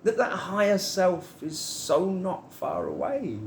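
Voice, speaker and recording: A man's voice: high voice, huge pitch swings, slow, reverberant, a little hiss or hum. A man giving a rambling, heartfelt spiritual monologue to camera, musing on love and trust.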